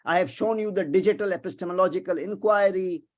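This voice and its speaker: A man giving a webinar lecture as a visiting professor, emphatic, animated and prone to digressions, over a video call. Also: high-pitched, fast talker.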